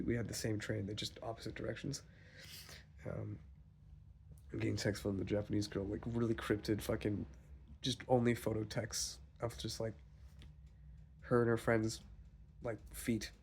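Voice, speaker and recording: A young man rambles through a story for his vlog, swearing freely and getting animated as he talks. His voice has a gravelly, fry-laden edge and sits at an ordinary pitch. A faint hiss of background noise runs underneath. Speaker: vlogger. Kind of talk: casual storytelling journal.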